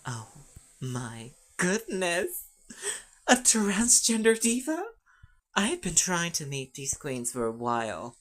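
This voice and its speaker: A woman's voice: lowish voice, very animated, slow, heavily acted. A woman voicing a bubbly, feminine young gay man who gushes with slang and swearing. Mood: thrilled.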